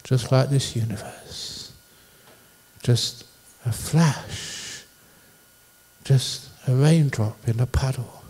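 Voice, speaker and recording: A male monk giving a public dharma talk in a university lecture hall. His voice sits at an everyday middle pitch. He tells stories playfully and jokes with the people listening. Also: fairly even intonation, slow pace, a little mellow, breathy edge. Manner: playful storyteller, jokes with the audience.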